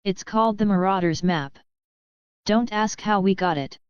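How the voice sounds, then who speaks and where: A woman voicing a cheeky prankster twin boy who talks in a hushed, conspiratorial way. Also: mid-range voice, normal speed, smooth, no room sound, highs cut off, lightly acted.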